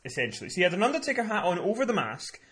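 His voice is high and he's racing through a story as he co-hosts a podcast in easygoing conversation. The man, an event promoter as well, sounds like a chatty, animated storyteller.

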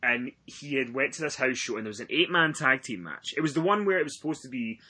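Animated, husky young man telling stories. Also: medium pitch, fast talker. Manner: profane, animated storytelling with sudden shouted outbursts. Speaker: podcast co-host. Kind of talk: casual podcast chat.

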